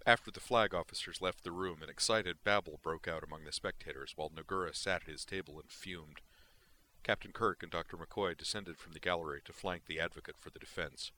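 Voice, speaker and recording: Deep-voiced man narrating an audiobook. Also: steady tone, a little fast, bright, forceful tone. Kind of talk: scripted narration.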